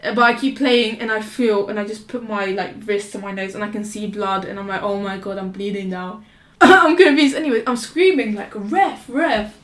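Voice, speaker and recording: A woman's voice: mid-range voice, brisk, fairly bright tone. A young woman, telling stories in a casual podcast chat, rambling, restarting and laughing often. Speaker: podcast co-host. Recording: roomy echo.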